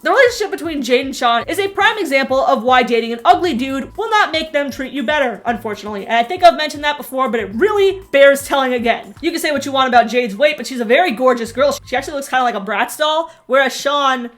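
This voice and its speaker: A young woman doing sarcastic TV recap commentary, snarky and quick to laugh at her own jokes. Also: sits high, lively intonation, a bit bright. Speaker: recap vlogger.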